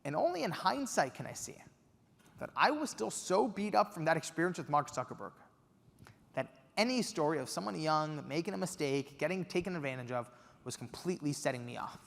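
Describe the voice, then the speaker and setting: A young man from Los Angeles giving a keynote speech, telling a story with lively energy and acting out the quotes. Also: fairly high pitch, fairly quick, gravelly. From Los Angeles, USA. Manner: animated, acts out quotes. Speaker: keynote speaker. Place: conference hall stage. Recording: long reverb of a large hall.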